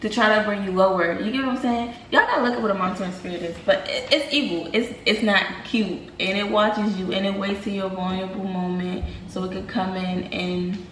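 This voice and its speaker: A young woman vlogger casually telling viewers about a dream, animated and slangy, talking to them as y'all. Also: mid-range voice, fairly quick, few pauses, a little hiss or hum. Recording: roomy, from a distance, faint ambience.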